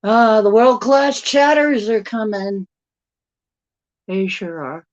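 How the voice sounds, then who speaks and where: Slow, rambling woman streaming. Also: a little high, expressive. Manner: rambling and chatty, greets viewers by name. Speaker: livestream host. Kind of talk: casual live-stream chat. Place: room at home. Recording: dull lo-fi stream audio.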